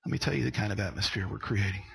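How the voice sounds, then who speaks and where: A man preaching a sermon, going from quiet storytelling to loud, shouted preaching. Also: fairly low pitch, steady tone, rapid-fire, vocal fry, slightly rough, rough recording. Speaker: pastor.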